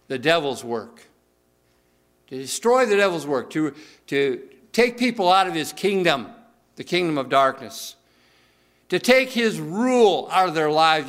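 Earnest preaching man, slightly high voice. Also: a bit bright. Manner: earnest, slows down for emphasis, frequent restarts. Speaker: pastor. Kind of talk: sermon.

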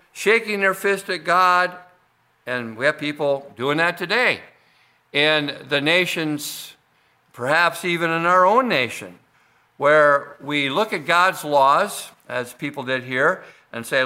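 A man preaching a sermon, explaining scripture in a measured way with frequent fillers and restarts. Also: on the high side, pushed and bright, clean tone. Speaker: pastor.

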